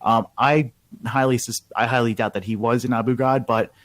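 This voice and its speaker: A man's voice: mid-range voice, steady tone, moderate pace, dry recording. A man talking casually about state politics as a reporter guest, emphatic and full of fillers. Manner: filler-heavy, emphatic, gossipy.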